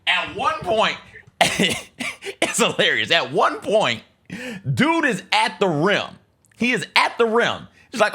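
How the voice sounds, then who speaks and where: A man co-hosting a sports talk show, animated and joking, acting out players as he tells it. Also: sits high, slow, breathy edge. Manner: animated, acts out players in voices.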